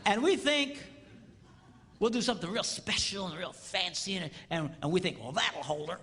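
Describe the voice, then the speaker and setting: A man giving a comedic marriage seminar on stage in a large hall, playful and animated, acting out little quotes and sound effects. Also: sits high, normal speed, a little hiss or hum. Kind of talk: comedic live seminar talk. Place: large hall with live audience.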